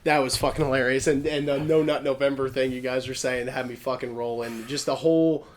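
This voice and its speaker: A man's voice: medium pitch, steady tone, fairly quick. A young man co-hosting a podcast, recapping the night in upbeat, casually profane chat. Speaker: podcast co-host.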